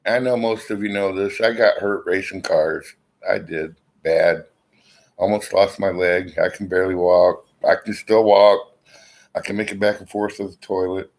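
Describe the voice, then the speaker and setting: A middle-aged man with a very low, gravelly voice talks to his viewers from his armchair. His rambling, blunt chat is full of swearing, and it is picked up by a laptop's built-in mic. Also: a little mellow, low-quality recording. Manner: rambling, profane, blunt storyteller. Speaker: vlogger. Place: at home, seated in an armchair.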